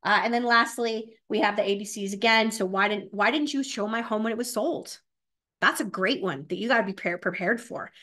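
Woman, sales trainer in front of a live class; upbeat, chatty, keeps checking in with quick questions, reads sales scripts aloud. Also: medium pitch, a bit bright. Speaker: real estate sales trainer.

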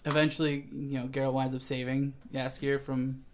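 A man's voice: mid-range voice, flat delivery. A man in casual podcast chat, rambling through a show's plot and briefly acting out the characters. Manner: rambling, acts out characters in quick put-on voices. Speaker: podcast co-host. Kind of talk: casual chat recapping a show.

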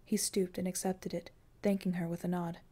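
A woman reading scripted fiction as an audiobook narrator, with calm, even storytelling. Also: on the low side, moderate pace.

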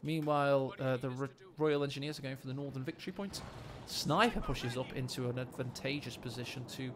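A man casting a live strategy game with quick, jokey play-by-play and sudden excited rises. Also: medium pitch, background noise. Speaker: game caster. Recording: game battle sounds under the voice.

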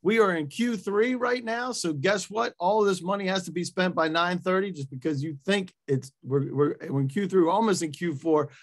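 Upbeat man hosting a webinar, high voice. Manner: upbeat, reads out attendee messages with quick asides. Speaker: webinar host. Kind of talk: casual webinar chat.

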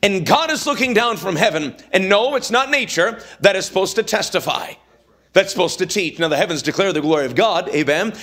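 A man's voice: sits high, lively intonation, fairly quick, fairly bright tone. A man preaching a revival sermon in a church, with an emphatic, repetitive cadence. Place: church sanctuary.

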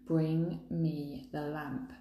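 A woman's voice: low voice, level tone, drawn-out words, mellow, a little hiss or hum, heavily acted. A woman reading aloud, voicing a wicked male magician who poses as a long-lost uncle. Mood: commanding. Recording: echoey room.

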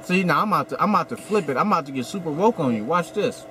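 A male comedian host bantering in a van, needling his guest with teasing, provocative jokes. His voice rises and falls in an animated way, and a faint hum of road noise sits behind him. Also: fairly high pitch, rapid-fire. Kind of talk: casual comedic chat. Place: inside a van.

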